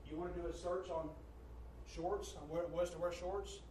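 A man preaching as pastor to his congregation, reading quotes slowly and loudly with a preaching cadence. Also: high-pitched, fairly even intonation, slight background noise. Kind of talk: sermon. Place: church sanctuary. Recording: echoey church from far off.

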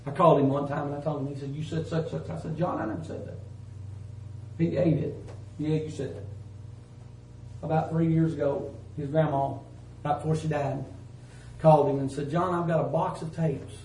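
A man preaching a sermon in a folksy, emphatic way, swinging from loud to hushed. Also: fairly high pitch, steady tone, moderate pace, a little hiss or hum. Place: church. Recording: roomy church sound from a distance.

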